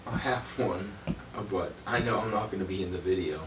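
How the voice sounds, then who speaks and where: Low-voiced man telling a story from across a roomy space. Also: a little fast. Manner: animated, conversational. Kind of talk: casual storytelling. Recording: roomy, distant, noisy room recording.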